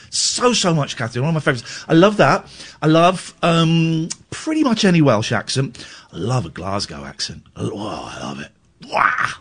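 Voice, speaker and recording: A man hosts a late-night radio phone-in in a slightly raised voice. His pitch swings widely as he teases callers and gushes with theatrical delight. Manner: playful, teasing, bursts of exaggerated delight.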